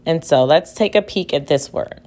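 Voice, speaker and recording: A woman's voice: low-pitched, animated, moderate pace, warm tone. A woman teacher giving a recorded reading lesson for children at home, patiently sounding out words aloud.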